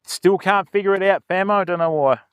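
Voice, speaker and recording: Older Aussie bloke, fishing streamer: chatty, high-pitched, clean voice, greets viewers outdoors by a river. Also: male voice, brisk, clean tone, no echo, clean studio sound. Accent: Australian. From Australia. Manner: chatty, greets viewers, fills talk with "mate" and "you know". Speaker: fishing livestreamer. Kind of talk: casual livestream chat.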